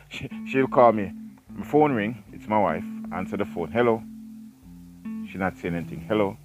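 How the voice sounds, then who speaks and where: A man with a low, slightly mellow voice reads a book aloud at a normal speed, hosting a casual solo podcast and drifting into rambling, self-deprecating asides. The sound is lo-fi, with music clearly audible behind him.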